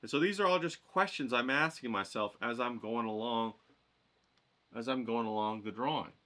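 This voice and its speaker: Bright-voiced man coaching a painting demo. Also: mid-range voice, normal speed. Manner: chatty, coaching, thinks aloud while painting. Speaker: watercolor instructor.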